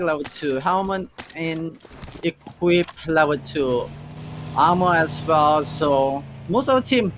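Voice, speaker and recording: Male esports caster, excitable play-by-play, a touch high, faint background noise. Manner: excitable, frequent "ooh" and "oh" reactions. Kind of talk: live play-by-play commentary.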